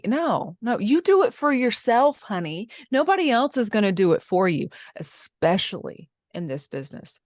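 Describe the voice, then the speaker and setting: A woman's voice: medium pitch, very animated, moderate pace, few pauses, dry recording, studio quality. A woman giving blunt, emphatic career advice in a casual interview, calling listeners honey and baby.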